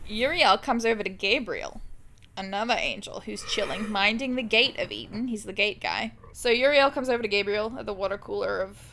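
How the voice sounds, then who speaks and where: A woman's voice: mid-range voice, expressive, a little fast, gravelly, fairly bright tone, a little hiss or hum. A young woman co-hosting a podcast, recapping a classic book in an irreverent, giggly way and acting out the characters. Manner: irreverent, giggly, acts out characters in silly voices. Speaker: podcast co-host. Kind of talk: casual comedic book recap.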